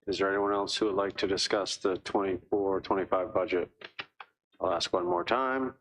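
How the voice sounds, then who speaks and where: Male board chair, lowish voice, formal and repetitive procedural delivery. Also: fairly even intonation, moderate pace, a bit bright, slight background noise, rough recording. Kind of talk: chairing a public hearing.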